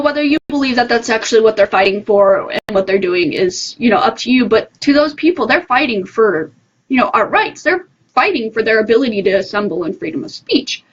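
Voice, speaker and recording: A woman's voice: fairly high pitch, highs cut off. A woman giving her heartfelt opinion in a casual livestream monologue, earnest and full of fillers. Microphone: phone livestream.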